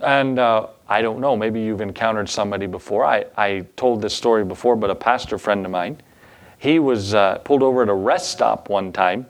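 A man's voice: lowish voice, normal speed. A male pastor preaching a sermon in a casual, folksy way, with asides and chuckles.

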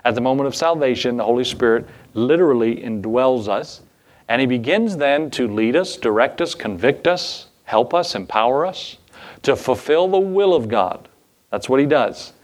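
A man's voice: mid-range voice, animated, normal speed. A male pastor preaching a sermon in a casual, folksy way, with asides and chuckles.

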